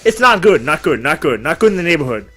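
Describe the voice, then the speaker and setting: A man's voice: on the high side, big pitch swings, fast talker, fairly bright tone. A man hosting a casual talk show, telling rambling stories with crude jokes. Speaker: podcast host. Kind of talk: casual chat.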